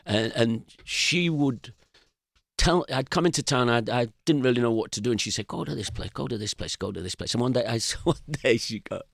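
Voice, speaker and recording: An older man from England, a guest musician on a podcast, spins rambling anecdotes with many restarts. He talks a little fast in a mid-range, fairly bright voice with vocal fry, recorded dry in studio quality.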